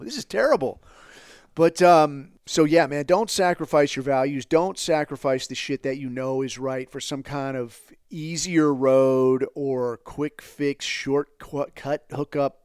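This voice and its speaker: A man's voice: fairly high pitch, clear, resonant tone, dry recording, clean studio sound. A man hosting his own podcast in a blunt, profane, rambling solo rant, now and then mocking others in put-on quoted voices. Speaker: podcast host.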